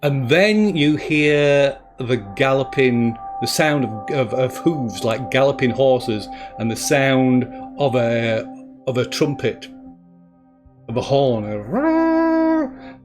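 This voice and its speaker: A male game master narrates a tabletop game at an unhurried pace, often stopping and restarting as he hunts for the right word. His voice sits at a middling pitch, with faint music playing underneath. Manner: halting, searching for words, many restarts.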